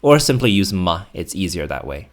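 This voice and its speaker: Male teacher, lowish voice, clear patient delivery for a language lesson video. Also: big pitch swings, moderate pace. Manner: clear, patient explaining with spoken example phrases.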